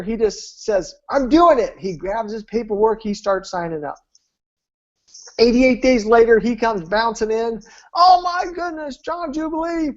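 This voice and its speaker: A man presenting his weight-loss program, telling success stories in an emphatic, repetitive, preacher-like way over a video call. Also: high voice. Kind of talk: storytelling sales talk. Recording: dull lo-fi call audio.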